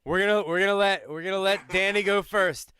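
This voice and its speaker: A man's voice: high-pitched, fairly even intonation, fairly quick, pushed and bright, a little hiss or hum. A man hosting a tabletop game livestream, chatting casually and laughing often. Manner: upbeat, laughs often, rambling. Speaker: livestream host.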